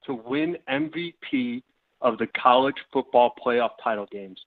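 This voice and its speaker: A man calls in over a tinny phone line. He speaks playfully in folksy, old-timey Southern sayings at a middle pitch. The phone line thins out his voice. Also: measured pace. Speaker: caller. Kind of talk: phone-in call.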